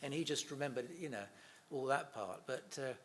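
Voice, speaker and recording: A man's voice: medium pitch, normal speed, slight background noise. A middle-aged man being interviewed about his late father, telling anecdotes in a chatty way, laughing often and acting out the quotes. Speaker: interviewee, son of a comedian.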